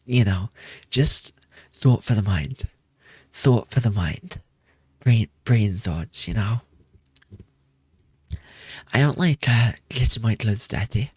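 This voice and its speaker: A man's voice: lowish voice, expressive, takes it slowly, long pauses, darkish tone, husky, dry recording, studio quality. A young man chatting casually on a stream, rambling and playful, repeating his phrases with self-mocking asides. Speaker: VTuber streamer. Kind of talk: casual debut stream chat.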